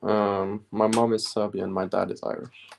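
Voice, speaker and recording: Relaxed young British man streaming. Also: fairly low pitch, moderate pace, creaky, a little hiss or hum. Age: young adult. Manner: relaxed, rambling, many ums. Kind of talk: casual live-stream chat.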